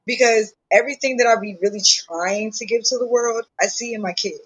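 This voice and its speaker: A woman chatting on a podcast, speaking openly and warmly about her young son. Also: on the high side, a little fast, husky, rough recording. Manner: heartfelt and open, talking at length about her son. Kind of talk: casual chat.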